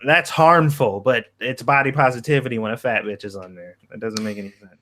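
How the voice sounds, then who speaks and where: Male co-host, mid pitch, casual, crude and blunt. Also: fairly quick, bright, forceful tone. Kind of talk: casual livestream chat.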